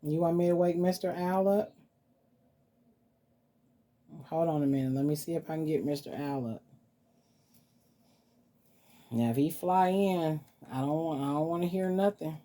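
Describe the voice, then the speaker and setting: Her voice sits low and mellow, and she moves briskly with hardly any pauses. She's a vlogger casually chatting while showing off her reborn dolls and cooing to them.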